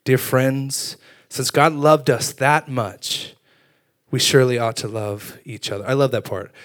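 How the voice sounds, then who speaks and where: A young man preaching a sermon, telling funny stories about himself with lively energy. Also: mid-range voice, a little slow. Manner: animated storytelling with self-deprecating humor. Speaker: youth pastor.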